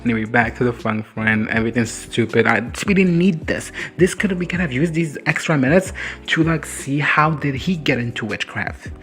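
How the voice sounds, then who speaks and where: A man's voice: mid-range voice, expressive, normal speed, a bit bright, soft background music. A man casually recapping a show in a reaction video, rambling, swearing and laughing often.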